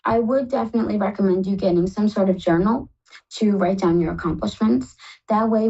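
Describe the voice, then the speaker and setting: A woman's voice: mid-range voice, creaky, warm tone, highs cut off. A woman hosting a live call-in psychic reading show, effusive and tearful, calling callers "love".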